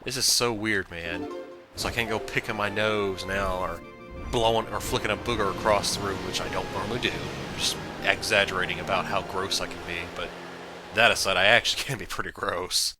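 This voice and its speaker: Low-voiced man rambling over game music. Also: steady tone, brisk. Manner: chatty, self-mocking, goofy asides. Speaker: let's play host. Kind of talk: rambling gameplay commentary. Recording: game music playing behind.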